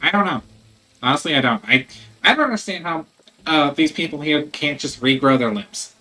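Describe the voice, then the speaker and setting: A man's voice: a little high, lively intonation, moderate pace, pushed and bright. A man doing Bricks, a blunt puzzled adventurer. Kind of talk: in-character tabletop role-play.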